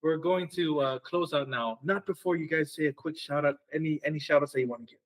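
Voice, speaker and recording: A man's voice: on the high side, quick pace, poor audio. A man hosting a live radio talk show in a studio, upbeat and laughing often as he wraps up. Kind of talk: casual live radio chat.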